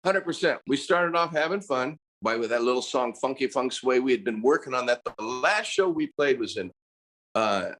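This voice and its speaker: An American man in his seventies, a musician talking casually in an interview, animated and breaking into bursts of singing and screaming. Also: medium pitch, moderate pace. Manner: animated storyteller, bursts into sung screams and imitated voices. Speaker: musician guest.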